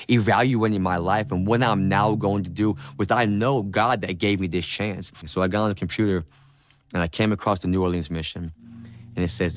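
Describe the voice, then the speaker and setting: A man telling his personal faith testimony in an earnest, emotional, repetitive way. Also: low-pitched. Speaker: testimony speaker.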